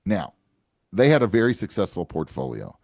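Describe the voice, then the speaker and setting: A man's voice: low-pitched, big pitch swings, moderate pace, vocal fry, dry recording, studio quality. A man hosting his own finance show, giving earnest advice to listeners and often checking in with "right?" and "okay?". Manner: earnest and coaching, tags lines with "right?" and "okay?". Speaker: financial advisor and show host. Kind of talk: solo podcast talk to camera.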